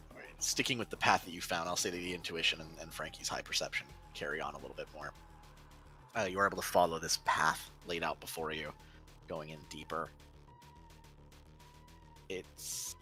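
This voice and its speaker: Deep-voiced man running a tabletop game. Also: sharp tone. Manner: loose, descriptive narration with many fillers. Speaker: game master.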